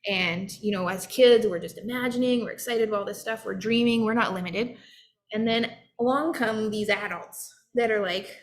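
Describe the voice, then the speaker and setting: A woman's voice: medium pitch, normal speed. A woman in her thirties giving an earnest, encouraging motivational talk as a self-help coach. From Canada. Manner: earnest, encouraging, acts out short quoted voices.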